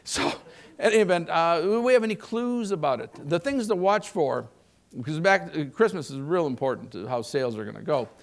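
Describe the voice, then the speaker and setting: An older man delivers a live economic keynote with folksy jokes and questions to the room. His voice sits a bit high and has a gravelly, creaky texture. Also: lively intonation, a little fast. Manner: folksy, joking, asks the audience questions. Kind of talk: live keynote talk with anecdotes.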